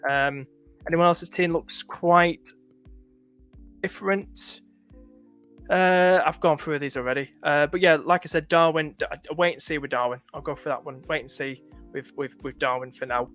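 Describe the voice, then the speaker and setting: With a light northern English accent, this livestream host chats casually and often pauses to thank viewers. His voice is fairly high and fairly bright, steady at a normal speed, with soft music in the background.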